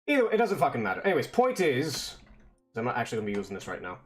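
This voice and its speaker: A male streamer thinks out loud at a mid-pitched, everyday level, mumbling half-sentences and cursing under his breath while he debugs. He slips into plain step-by-step explanations of his code, with faint music playing behind him. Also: huge pitch swings, racing. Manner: mutters to himself, swears, frustrated debugging. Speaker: vtuber streamer. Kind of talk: casual coding stream talk.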